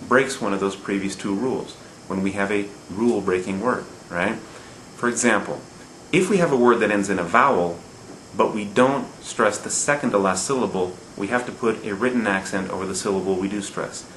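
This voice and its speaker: A patient male teacher walks through grammar rules step by step, repeating them and pausing to check that his students follow. His voice sits fairly low. The recording has a roomy echo and a faint background hum. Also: a bit bright. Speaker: Spanish teacher. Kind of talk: recorded classroom lesson.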